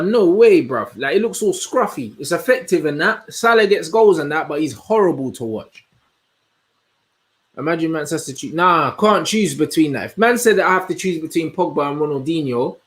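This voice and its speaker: A young man, hosting a casual livestream and chatting in an animated, slangy way as he answers comments. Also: on the high side. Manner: slangy, animated, answers chat with quick asides. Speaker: host.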